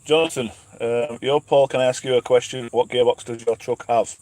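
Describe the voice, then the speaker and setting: A man from England chats casually from his truck cab at night, laughing at himself as he reads out viewer questions. His voice sits at an everyday middle pitch, and the sound is dry and close. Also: steady tone, brisk, a little mellow, no room sound. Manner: chatty, self-mocking, laughs often, reads names aloud. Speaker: truck driver and channel host. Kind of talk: casual live-stream chat reading viewer questions.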